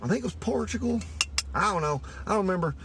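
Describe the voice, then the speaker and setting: A man's voice: high-pitched, lively intonation, fast, background noise. A man from Louisiana with a Cajun accent, delivering a rambling, profane comedic monologue in a folksy way, often losing his thread. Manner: rambling, profane, loses his thread, says anyways a lot; folksy, calls listeners y'all.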